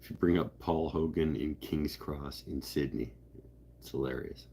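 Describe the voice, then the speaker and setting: A man with a low, husky voice hosts a live stream, wandering from topic to topic in loose, joking chat. He often cuts himself off and restarts as he reacts to viewer comments. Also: fairly even intonation, normal speed, mellow. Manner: rambling, joking, self-interrupting. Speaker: livestream host.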